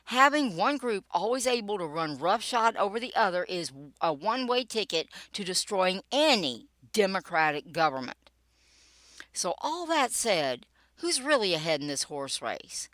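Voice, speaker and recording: A woman's voice: mid-range voice, very animated, normal speed, a bit bright, dry recording. An older woman reading her own political blog post aloud, wry and sarcastic, with dry asides. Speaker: political blogger and podcaster.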